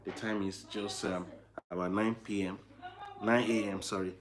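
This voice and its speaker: A man, a new father chatting casually to his viewers and cooing softly to his baby at home. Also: fairly low pitch, steady tone, normal speed, a little hiss or hum. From Nigeria. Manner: soft and coaxing, cooing to a baby between chat. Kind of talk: casual live vlog.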